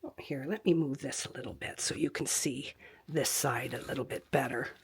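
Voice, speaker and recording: An older woman hosts a casual quilting tutorial on webcam from her home craft room, chatting and talking to herself as she works and sometimes slipping into a whisper. Her voice is bass-deep and slightly rough, at a moderate pace.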